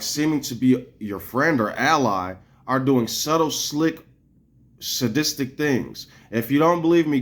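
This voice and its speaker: Man, vlogger, angry rant, swears a lot, rambling, middle pitch. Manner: angry, profane, heated; rambling, restarts often. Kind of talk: casual ranting monologue to viewers.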